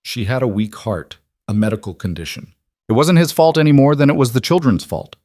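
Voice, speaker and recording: A man voicing a calm, firm young duchess in a storybook reading. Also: mid-range voice, brisk, no echo, clean studio sound, voice pushed up, lightly acted.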